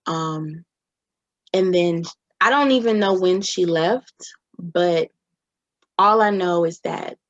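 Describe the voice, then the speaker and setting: A woman's voice: fairly low pitch, slow, pauses often, no echo, highs cut off. A young adult woman recounting her own experiences in an interview, often voicing what others said. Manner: recounting events with quoted dialogue. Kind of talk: personal testimony.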